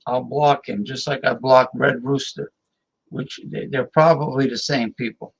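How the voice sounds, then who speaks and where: A man hosts a casual live-stream talk show and speaks at an unhurried, drawn-out pace. He rambles and mutters half to himself as he invites guests. His voice sits at an ordinary middle pitch. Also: steady tone, creaky, breathy edge, low-quality recording.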